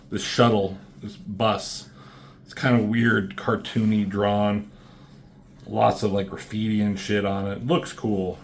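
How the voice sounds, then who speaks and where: A man's voice: fairly low pitch, slight background noise. Rambling, foul-mouthed man reviewing comics. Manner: rambling, profane, many fillers. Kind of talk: casual commentary.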